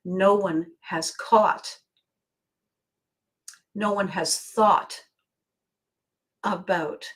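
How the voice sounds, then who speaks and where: An older woman hosting her own podcast, talking in a rambling, emotional monologue with frequent pauses. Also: medium pitch. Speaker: podcast host. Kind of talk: personal monologue.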